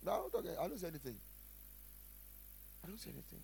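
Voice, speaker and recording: A man preaching a sermon as pastor, emphatic, repeating phrases and swinging between loud and quiet. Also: sits high, very animated, fast, vocal fry. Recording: faint music behind.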